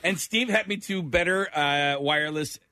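A man's voice: on the high side, normal speed, pushed and bright. A man co-hosting a radio show, chatting in an easygoing, joking way. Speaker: radio co-host. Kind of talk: casual talk radio chat.

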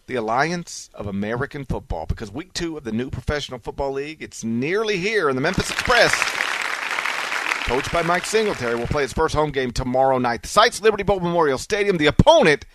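A sports radio host who talks with animated, teasing energy. His pitch swoops widely and sits a little high for a man. Faint music plays under the studio mic. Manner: animated, teasing, mock-outraged.

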